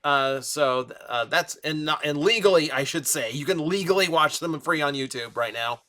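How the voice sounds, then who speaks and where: A young man reviews a cartoon in an eager, rambling way, his voice slightly raised and bright. It sounds a little strained from a long stretch of talking. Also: on the high side, normal speed. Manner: enthusiastic, rambling with fillers. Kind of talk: casual review commentary.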